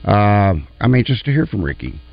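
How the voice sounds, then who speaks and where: A male sports radio host with a lively, gravelly voice that swings up and down as he chats. The sound is dry and a little muffled. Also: on the low side, normal speed, dry recording. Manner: chatty, animated, jokey. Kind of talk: casual sports radio talk. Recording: muffled dry studio audio.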